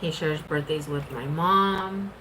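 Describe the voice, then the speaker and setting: A woman's voice: low voice, takes it slowly, bright, forceful tone, a little hiss or hum, low-quality recording. A woman in her fifties adds short, dry comments as her husband tells their story. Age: 50s. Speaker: wife chiming in. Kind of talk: casual chat.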